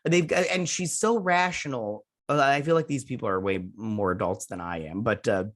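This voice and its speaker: A man's voice: medium pitch, moderate pace. A man hosting a casual show review, rambling through scene recaps with lots of "he's like" retellings and jokey asides about himself. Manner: self-mocking jokey asides. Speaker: host.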